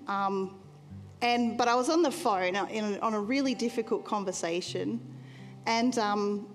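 A woman sharing a personal testimony in a sermon, talking earnestly and conversationally and slowing down for emphasis. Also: on the high side. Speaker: church speaker sharing a testimony. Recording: long hall reverb, faint music behind.

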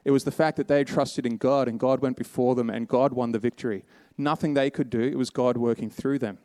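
A man's voice: mid-range voice, steady tone, fairly quick, darkish tone, no echo. A man preaching a sermon, telling a Bible story in a casual, conversational way and voicing the characters' lines.

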